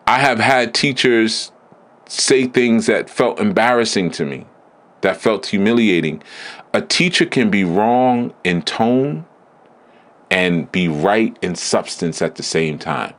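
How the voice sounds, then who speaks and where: A man giving a blunt, emphatic spiritual teaching talk in a deliberate, preaching manner. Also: lowish voice, fairly bright tone. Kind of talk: preaching lecture.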